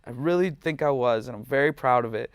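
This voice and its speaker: A man's voice: medium pitch, a little fast, smooth, no room sound, clean studio sound. A man speaking as a musician guest in an interview, candid, emotional and passionate, swearing freely.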